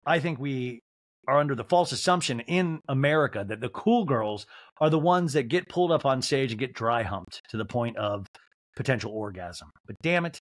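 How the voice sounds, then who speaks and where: Lively, crude comic man recapping. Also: medium pitch, normal speed. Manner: animated, crude, laughs at his own jokes. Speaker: podcast host. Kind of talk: comedic reality-TV recap.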